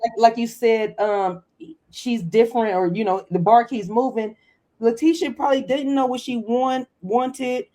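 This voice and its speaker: A woman hosting a casual chat recapping a reality show, animated and quick to act out quotes. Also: on the high side. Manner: animated, acts out quotes, laughs often. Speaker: host.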